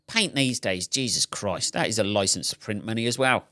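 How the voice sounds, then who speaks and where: A man's voice: fairly low pitch, animated, moderate pace, hardly any pauses, pushed and bright, no room sound, clean studio sound. A man hosting a solo podcast, telling an exasperated, sweary comic story. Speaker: podcast host. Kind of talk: solo comedic rant.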